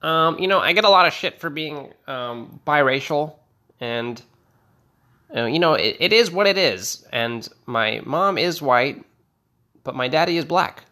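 A man's voice: on the high side, expressive, sharp tone, pitched above the performer's own voice, exaggerated voice. A young male rapper halts and hesitates as he addresses his audience, as a man mimics him on stage. His voice sits a little above the comic's own voice, broken up by ums. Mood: awkward. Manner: halting, full of ums.

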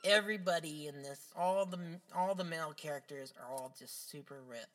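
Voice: mid-range voice, brisk, a bit bright. A podcast co-host chatting casually, hesitant, with many fillers and sentences that trail off. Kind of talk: casual chat.

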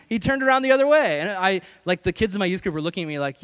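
A young man, a youth pastor, preaching a sermon with personal stories that he acts out with animated voices. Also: high-pitched, fast talker, clear, resonant tone. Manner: animated storyteller acting out scenes.

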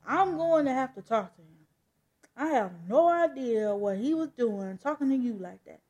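A woman's voice: high voice, lively intonation, moderate pace, darkish tone, breathy edge. A woman voicing an upset, protective father who insists on answers in a comic book read-aloud. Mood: agitated.

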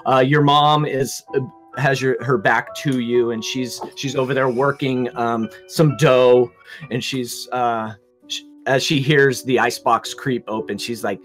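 A man's voice: mid-range voice, unhurried, soft background music. Male game master narrating casually. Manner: relaxed, rambling narration.

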